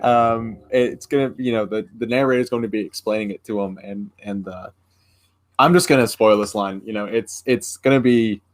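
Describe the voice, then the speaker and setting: A man's voice: lowish voice, normal speed, soft background music. A young man on a casual livestream, talking with lots of fillers and restarts. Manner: rambling with many fillers and restarts. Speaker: streamer.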